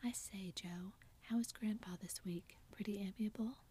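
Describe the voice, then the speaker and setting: A woman's voice: mid-range voice, steady tone, moderate pace, mellow, breathy edge. A woman voicing a playful, teasing tall young man in a whispered role-play, with theatrical banter.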